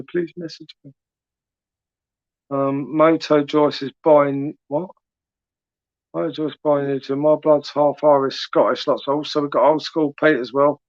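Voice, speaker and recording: On a late-night livestream, a young southern English host reads out viewers' comments, chatting casually and with a teasing edge. His voice is on the high side with a flat delivery at normal speed, recorded dry, dull, and lo-fi.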